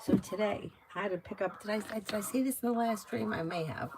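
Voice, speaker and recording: A woman giving casual tarot readings on a live stream, chatty and quick to laugh, with lots of fillers. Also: medium pitch, background noise. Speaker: tarot reader.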